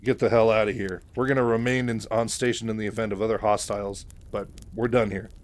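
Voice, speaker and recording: A man's voice: on the low side, flat delivery, quick pace, close to an everyday voice. A man voicing a stern male military colonel commanding a starship, giving clipped orders.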